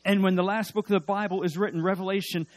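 A male preacher giving a sermon, swinging between loud emphasis and hushed asides and leading the congregation in call-and-response. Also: sits high, steady tone, fast talker.

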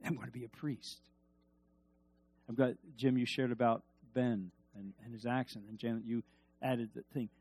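A male preacher giving a sermon, swinging between loud emphasis and hushed asides and leading the congregation in call-and-response. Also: mid-range voice, steady tone, normal speed, breathy edge.

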